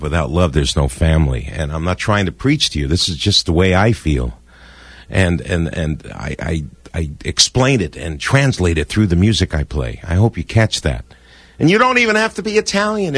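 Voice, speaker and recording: An older man hosts a radio show from a studio microphone, speaking in a warm, effusive, sentimental, and rambling casual way. His voice sits low, with no echo.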